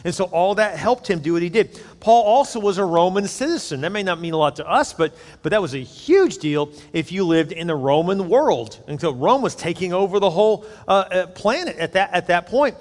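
A man's voice: on the high side, in a large hall. A male pastor from the United States preaching a sermon in a conversational way, acting out the voices he quotes.

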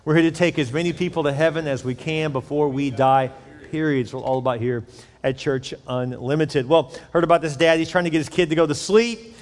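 A man's voice: fairly high pitch, steady tone, brisk. A middle-aged man preaching a sermon as a pastor, in a candid, conversational, joking manner. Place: church auditorium. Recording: echoey hall.

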